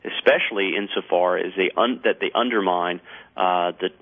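Low-voiced man on a tinny phone line. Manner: halting, many fillers and restarts while explaining. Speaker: guest researcher on a radio show. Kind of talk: radio talk show.

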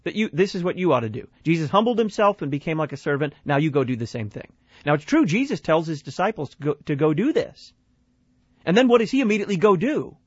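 A man's voice: on the high side, big pitch swings, fast talker, slightly rough, dry recording, muffled recording. A male radio host giving analytical commentary, posing questions and answering them himself.

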